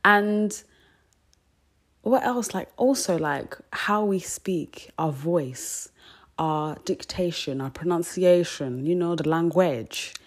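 A young woman with a notably low voice chats on her podcast. Her talk is frank and loose, full of slang and filler words. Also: slow. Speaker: podcast host. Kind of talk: casual chat.

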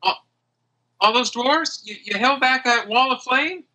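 A man's voice: very high voice, unhurried, bright, forceful tone, husky, voice pushed up, exaggerated voice, poor audio. A man voicing a hungover, friendly female dwarf warrior who chats and rambles gratefully.

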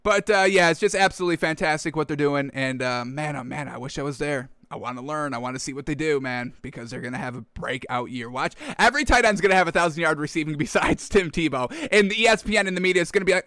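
A man's voice: fairly high pitch, fast, few pauses, pushed and bright, clear, resonant tone, dry recording. A man hosting a sports talk show. He rants with hyped energy and keeps addressing his audience as folks. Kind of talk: excitable sports commentary. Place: studio with a backdrop.

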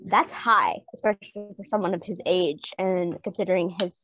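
A woman's voice: fairly low pitch, moderate pace, fairly bright tone, no echo, highs cut off. A woman co-hosting a podcast, chatting casually about a TV episode and adding explanations. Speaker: podcast co-host. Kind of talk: casual recap chat.

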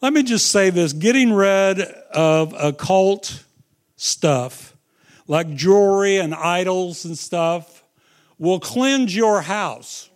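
A middle-aged man preaching a sermon, telling stories with dramatic swings between loud and hushed delivery. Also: high voice, slow.

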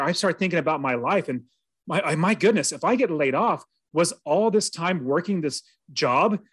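A man's voice: a little high, fairly bright tone, dry recording. A man telling a personal story as a podcast guest, in an earnest, vivid way.

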